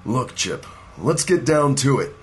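A man's voice: mid-range voice, big pitch swings, measured pace, slight background noise. An actor playing a firm, persuasive male boss of a paranormal agency, pressing a former agent to take a job in an audio drama.

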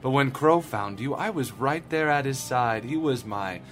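A man's voice: medium pitch, expressive, moderate pace, faint music behind, natural voice. An actor playing a smug male demon lord who speaks in a silky, patronizing way. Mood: gloating.

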